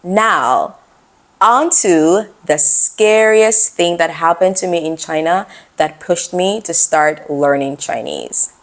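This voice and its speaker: A young adult woman vlogger telling a personal story in a casual, expressive, animated way. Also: fairly low pitch, takes it slowly.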